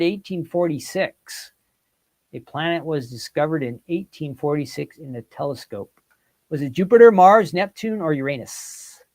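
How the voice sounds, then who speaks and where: A man with a somewhat high-pitched voice hosts a relaxed quiz for his livestream viewers. He talks in an animated way, reads out their comments and guesses, and keeps the chat involved. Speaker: host. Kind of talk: casual quiz with live chat.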